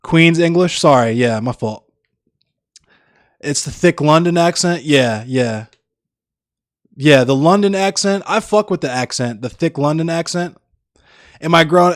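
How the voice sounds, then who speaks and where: A man's voice: on the high side, no echo, studio quality. A young American man chatting casually with live-stream viewers in a blunt, rambling, heavily profane way. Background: faint music.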